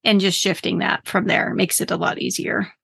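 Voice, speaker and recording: Brief: woman guest coach, upbeat and earnest, gravelly, dry close sound. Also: lowish voice, flat delivery, normal speed, a bit bright, no echo. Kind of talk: casual podcast interview.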